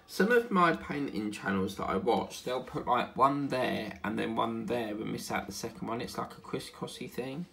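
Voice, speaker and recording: Tired, gravelly man chatting. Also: medium pitch, expressive, moderate pace, hardly any pauses, fairly bright tone, a little hiss or hum. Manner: rambling, chatty, hums and sings to himself. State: tired, yawning. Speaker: diamond painting channel host. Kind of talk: casual chat while crafting. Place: home at a craft desk.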